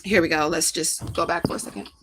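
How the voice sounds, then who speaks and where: A woman's voice: on the low side, fairly even intonation, quick pace, a bit bright, slight background noise. A woman from St. Louis talking casually to her camera, profane and emphatic, often asking rhetorical questions. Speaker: vlogger.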